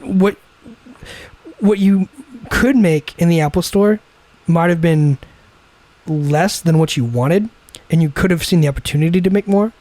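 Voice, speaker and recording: A man's voice: a little high, unhurried, pauses often, a little mellow, dry recording. A young man co-hosting a casual podcast chat over beers, ranting and swearing, often acting out what other people would say. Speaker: podcast co-host.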